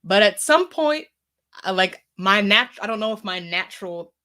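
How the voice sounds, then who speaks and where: A woman talking on a podcast in a thoughtful, searching way, often pausing on fillers. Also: mid-range voice, animated, sharp tone. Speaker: podcast speaker. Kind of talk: casual podcast conversation.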